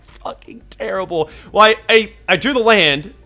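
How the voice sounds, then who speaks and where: A man commentating his own card game match as he plays, thinking aloud, getting excited and swearing when frustrated. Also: high-pitched, moderate pace, faint music behind. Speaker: gameplay commentator. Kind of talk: live gameplay commentary.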